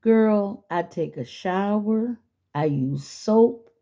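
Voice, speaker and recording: A blunt, stubborn woman friend who brushes things off in a flat, matter-of-fact way, as a woman quotes her in a vlog. Her voice is gravelly and mellow, and she speaks slowly. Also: mid-range voice. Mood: dismissive.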